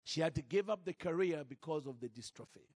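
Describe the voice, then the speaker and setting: Animated man preaching, dry close mic. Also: a little high, brisk, no room sound. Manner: animated, acts out scenes and jokes with the crowd. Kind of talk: sermon storytelling. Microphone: handheld or stand mic.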